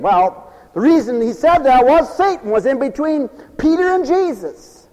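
A man preaching a folksy, animated radio sermon with humorous asides. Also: very high voice, moderate pace, long reverb tail, low-quality recording.

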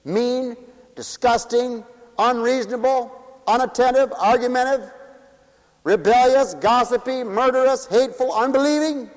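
A man delivers a dramatic sermon in a high voice, firing rhetorical questions at his listeners. He swings between forceful, rising lines and hushed, low replies. The sound carries a long reverb, as in a large hall. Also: moderate pace. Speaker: preacher. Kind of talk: sermon to a congregation, also broadcast on radio.

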